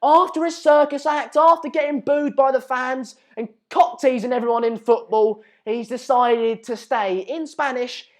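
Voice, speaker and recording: A young man hosting a football channel, reacting live to transfer news in an excitable, ranting and mocking way. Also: very high voice, normal speed, few pauses.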